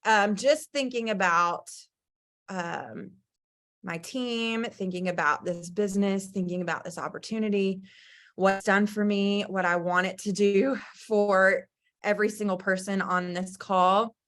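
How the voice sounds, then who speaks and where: A woman's voice: medium pitch, steady tone, measured pace, a bit bright. A woman speaking on a team video call, emotional and passionate as she shares her lessons. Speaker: team leader. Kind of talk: motivational talk on a team call.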